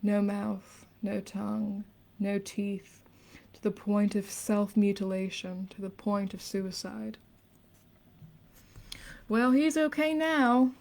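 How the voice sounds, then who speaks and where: A young woman in her twenties streaming late at night. She reads dense theory aloud softly and earnestly, with hushed, casual asides. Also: medium pitch, monotone, slow, gravelly. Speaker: livestreamer reading aloud.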